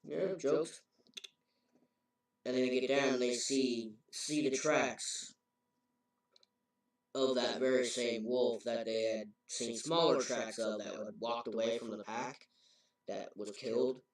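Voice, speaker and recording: A man's voice: medium pitch, steady tone, unhurried. A man casually recapping a story's plot, rambling and correcting himself as he goes. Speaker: game reviewer. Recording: very echoey, voice far from mic.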